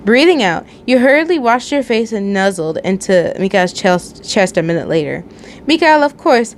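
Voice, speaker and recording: A woman's voice: mid-range voice, slight background noise. Chatty young woman reading fanfiction. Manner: chatty, laughs often, stumbles over words. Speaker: channel host reading fanfiction. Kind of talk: casual fanfic reading aloud.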